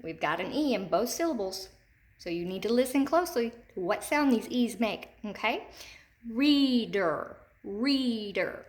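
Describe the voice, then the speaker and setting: A woman teacher giving a recorded phonics lesson to children. She speaks slowly and clearly and says each word several times. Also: mid-range voice, lively intonation.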